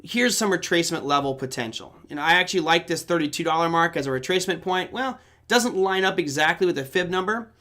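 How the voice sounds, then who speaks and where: A middle-aged man hosts a live market show, rambling casually as he works through charts. His voice sits a little high and rings bright and forward. He grew up in Germany. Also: fast talker, few pauses. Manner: casual, rambling, thinks aloud while charting. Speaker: host. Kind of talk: live market analysis stream.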